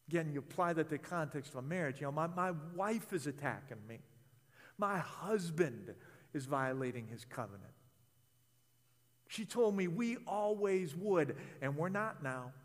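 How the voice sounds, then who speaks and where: A man's voice: high-pitched, fairly bright tone, big-room sound. A man preaching a sermon in an impassioned, conversational way, often repeating words as he speaks. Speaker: pastor.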